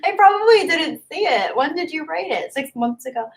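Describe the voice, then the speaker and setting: A woman's voice: sits high, animated, moderate pace. Woman, YouTuber, casual livestream chat, reads viewer comments aloud, chatty.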